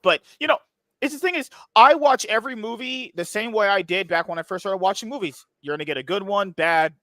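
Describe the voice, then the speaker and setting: A man with a bright, fairly high voice hosts a loose podcast chat, crude and joking, swearing as he goes. The sound is dry and close on the mic, with no room around it. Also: brisk, no room sound. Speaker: podcast host. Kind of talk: casual chat.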